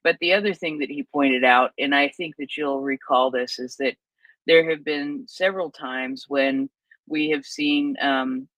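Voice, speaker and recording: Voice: medium pitch, steady tone, a little slow, a bit bright, no room sound, poor audio. A co-host in casual live chat, retelling what others said, with many fillers and restarts.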